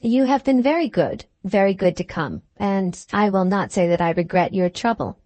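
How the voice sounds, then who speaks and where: A woman's voice: medium pitch, animated, moderate pace, darkish tone, dry recording, close to an everyday voice. Clara, a resolute young Victorian woman, as a narrator reads her. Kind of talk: audiobook dialogue reading.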